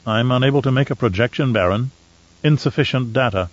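A man doing a calm, calculating Mentat. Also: mid-range voice, no echo, lo-fi sound, close to an everyday voice. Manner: calm, measured, sly. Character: cold, calculating male Mentat advisor.

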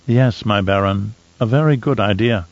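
A man doing a calm, calculating Mentat. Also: lowish voice, dry recording, highs cut off. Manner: calm, measured, sly. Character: cold, calculating male Mentat advisor.

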